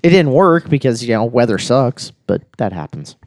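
A man's voice: mid-range voice, sing-song, normal speed, darkish tone. A man hosting a casual podcast chat, playful and jokey, laughing often. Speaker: podcast host.

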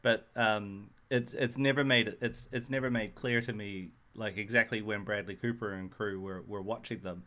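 Low-voiced man joking about a film. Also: fairly even intonation, moderate pace, hardly any pauses, pushed and bright. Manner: wry, joking asides. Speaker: podcast co-host. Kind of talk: casual film review chat.

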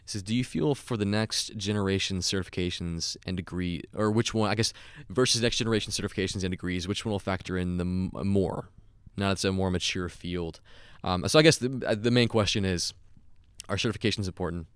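A man's voice: deep voice, fairly quick, clean tone, no room sound. A man co-hosting a live stream, chatting eagerly with his guest and reading viewer questions. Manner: enthusiastic, chatty. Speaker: co-host. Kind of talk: casual live-stream chat.

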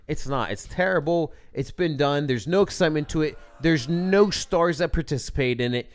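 Podcast co-host guy ranting and swearing, voice jumping up and down, kinda high. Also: lively intonation, moderate pace, few pauses. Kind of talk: casual chat.

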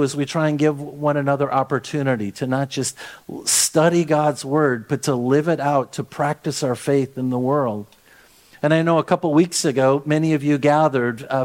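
A middle-aged man from Minnesota preaching a sermon as pastor, talking in a conversational, storytelling way with lively asides. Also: on the high side.

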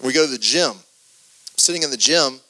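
A man, preaching a sermon and telling a story from his youth, with animated delivery and many repeated starts. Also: mid-range voice, normal speed, no room sound.

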